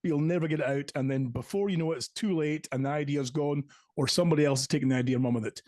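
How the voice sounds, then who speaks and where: A man with a Caithness Scottish accent, hosting a podcast and telling stories in animated, laughing casual chat. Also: fairly high pitch, racing, dry recording, clean studio sound. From Caithness, Scotland. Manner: animated storyteller, laughs often. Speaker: podcast host.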